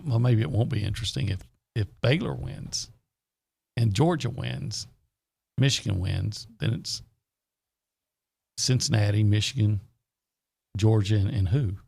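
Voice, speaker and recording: A man's voice: on the low side, a little slow, gravelly, long pauses, mellow, breathy edge. A man co-hosting sports radio talk, giving blunt, opinionated takes in a casual way.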